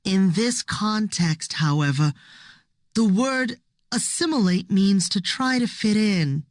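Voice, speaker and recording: Slow careful teacher lady, pitying tone, dry close mic, as a woman reads her. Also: mid-range voice, lively intonation, no echo, voice pushed up. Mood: patient. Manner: slow, careful classroom speech. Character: patient, pitying adult woman schoolteacher.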